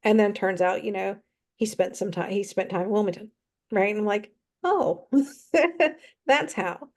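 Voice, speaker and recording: A woman's voice: medium pitch, little pitch movement, fairly quick, a little mellow. A woman author chatting casually as a guest, with lots of fillers and easy laughter. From North Carolina. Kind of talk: casual chat.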